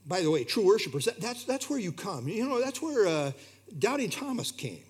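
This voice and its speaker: Husky, lively preaching man. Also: high-pitched, normal speed. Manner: earnest, emphatic preaching with rising and falling delivery. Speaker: pastor. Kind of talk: sermon.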